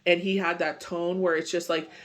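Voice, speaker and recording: A man's voice: sits high, flat delivery, normal speed, fairly bright tone. A man giving a casual daily tarot reading, rambling with lots of "you know" and "it's just like", still getting over a bad cold. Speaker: tarot reader.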